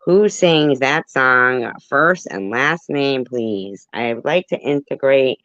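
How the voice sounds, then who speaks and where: A woman's voice: rumbling low, expressive, slow pace, hardly any pauses, a bit bright, no echo, muffled recording. A woman hosting a casual livestream trivia chat, playful and giggly. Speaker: livestream host.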